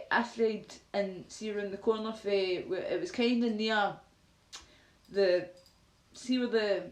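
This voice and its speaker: Scottish woman ranting and rambling on her livestream, swears a lot, echoey room sound. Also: medium pitch. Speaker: livestream host. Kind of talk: casual livestream chat reading viewer comments. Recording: roomy echo.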